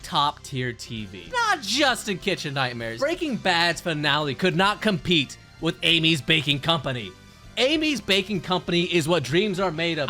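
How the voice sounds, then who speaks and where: A young man with a fairly high, bright voice talks in a wildly animated way, his pitch swinging all over the place. He ranks things in a loose, sarcastic style, swearing freely and laughing often. Faint music plays underneath. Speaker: commentary video host. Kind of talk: casual ranking commentary.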